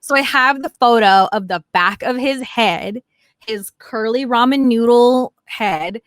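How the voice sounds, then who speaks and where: A woman in her thirties tells an animated story as co-host of a casual nostalgic chat, acting out the quotes and piling on fillers. Her voice sits a little high. The sound is close and dry. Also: unhurried, no room sound. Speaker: podcast co-host.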